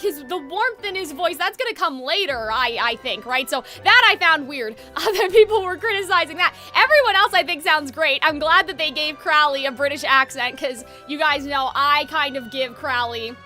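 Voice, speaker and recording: High-pitched young woman rambling to her stream chat, giggly, faint music underneath. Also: pushed and bright. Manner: chatty, giggly, lots of fillers. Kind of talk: casual live-stream chat.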